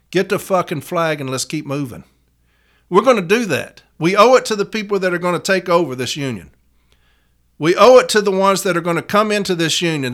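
A man's voice: fairly high pitch, a bit bright. A man, a union activist giving a blunt, profane rallying rant to fellow members. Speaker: letter carriers' union activist and podcaster.

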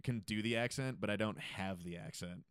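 A man's voice: lowish voice, brisk, a bit bright, smooth, dry recording, clean studio sound. Loose, swearing young man. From US East Coast. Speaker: podcast co-host. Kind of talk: casual comedy podcast banter.

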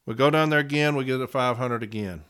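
A man's voice: medium pitch, fairly bright tone, clear, resonant tone. Plain-spoken man telling a story. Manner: plain-spoken storyteller, repeats numbers slowly. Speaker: union representative. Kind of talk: casual podcast monologue.

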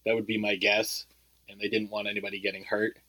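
A man's voice: fairly low pitch, completely flat delivery, fast, pushed and bright, no room sound, poor audio. A man co-hosting a casual movie review podcast, talking in a loose, rambling way full of "like" and "you know.". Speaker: podcast co-host.

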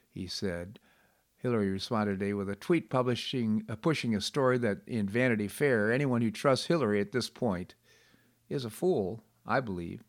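On his radio talk show, a middle-aged man reads news items and offers commentary in a loose, conversational way, often using fillers and starting sentences over. His voice sits on the low side, and he talks at a normal speed.

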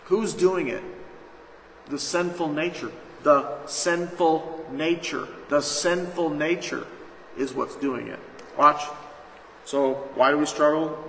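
Emphatic preaching pastor in an echoey hall. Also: male voice, fairly high pitch, fairly bright tone. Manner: emphatic, calls out to the congregation. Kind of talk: sermon. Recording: echoey hall, faint noise.

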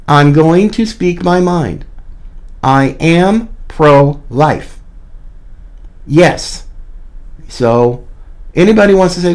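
A man's voice: fairly high pitch, expressive, takes it slowly, long pauses. A man hosting a podcast, giving a combative, mocking opinion monologue. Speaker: podcast host.

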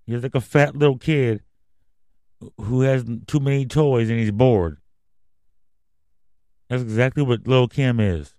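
A man's voice: medium pitch, a little slow, long pauses, dark tone, dry recording. A man hosting a casual news commentary podcast, reading headlines and then going off on profane, rambling rants. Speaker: podcast host.

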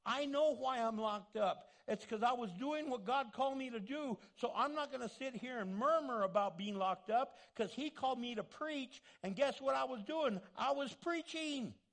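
A man's voice: very high voice, normal speed, hardly any pauses, pitched above the performer's own voice. A man voicing the apostle Paul as a joyful, defiant prisoner, proclaiming emphatically.

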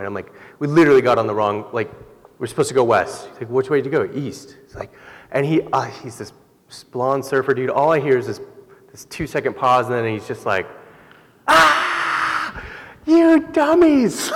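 A pastor preaching in a reverberant hall. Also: male voice, medium pitch. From Southern California. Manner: relaxed, conversational storytelling with laughs. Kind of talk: sermon.

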